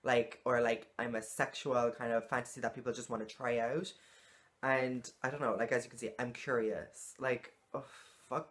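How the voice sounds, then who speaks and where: A woman talking frankly to camera in a casual vlog, exasperated and swearing freely. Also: very deep voice. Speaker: vlogger.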